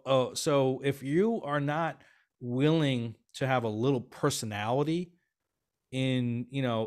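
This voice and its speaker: A man as an interview guest, telling business stories in a chatty, animated way with many fillers and restarts. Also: medium pitch. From half Swiss, half Filipino family. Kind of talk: casual interview talk.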